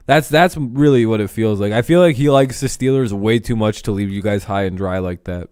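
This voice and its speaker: A man hosting a casual sports talk stream, swearing freely and rambling bluntly. His voice is smooth and medium in pitch, recorded dry and close. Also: lively intonation, brisk, hardly any pauses, darkish tone, dry recording. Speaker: host.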